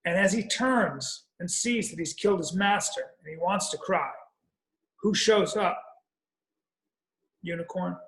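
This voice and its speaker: A man's voice: high-pitched, a little slow, fairly bright tone, roomy sound, low-quality recording. A man telling a rambling, profane comic story on a podcast, with frequent restarts. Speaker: podcast guest or co-host.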